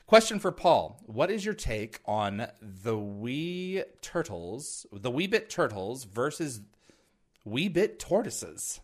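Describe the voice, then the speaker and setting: A man hosting an interview, reacting with quick enthusiasm and reading out fan questions. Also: medium pitch, big pitch swings. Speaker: host.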